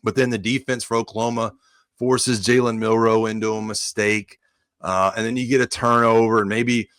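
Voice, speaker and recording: A man's voice: lowish voice, moderate pace, no echo, studio quality. A man, a former college offensive lineman, telling stories in a casual sports podcast chat, acting out quotes and saying "dude" often. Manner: animated storyteller, acts out quotes, says "dude" often.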